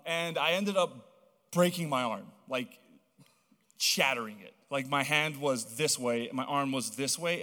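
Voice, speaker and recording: A young man from Hawaii preaching a sermon, telling stories in a chatty, animated way full of casual fillers. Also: medium pitch. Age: young adult. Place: church auditorium. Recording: long reverb of a large hall.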